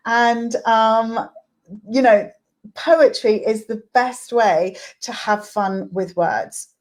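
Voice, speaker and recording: A woman's voice: mid-range voice, a little mellow. A woman tutor giving a chatty online lesson, often checking in with a questioning "right?", then reading a poem aloud. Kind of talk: casual teaching talk with a poetry reading.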